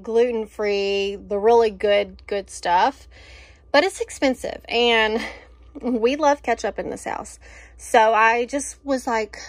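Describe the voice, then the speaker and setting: A woman's voice: a little high, no room sound. Chatty woman, dry close sound. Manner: chatty, filler-heavy, enthusiastic. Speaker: vlogger showing a grocery haul. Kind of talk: casual chat.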